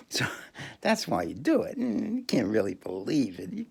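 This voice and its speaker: A man's voice: fairly low pitch, wildly swooping pitch, moderate pace, creaky, a little mellow, husky. A man talking alone on his podcast, crude and rambling, often breaking into laughter and restarting his sentences. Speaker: podcast host. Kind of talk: rambling solo monologue.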